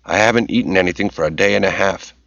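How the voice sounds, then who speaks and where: A man's voice: deep voice, quick pace, vocal fry, fairly bright tone, dry recording. A man reading a brazen young man in disguise who talks casually and draws out his vowels. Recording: dull lo-fi recording.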